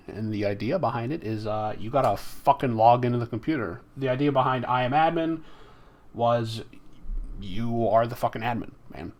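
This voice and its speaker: A man hosting his album release live stream, chatting casually with viewers, rambling and swearing freely into a close desktop mic. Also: medium pitch.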